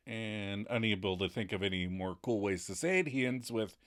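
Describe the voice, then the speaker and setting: A man's voice: mid-range voice, normal speed, hardly any pauses. A man co-hosting a podcast, recapping scenes in casual chat and acting out the quoted lines. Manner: acts out quoted lines with lively voices. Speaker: podcast co-host.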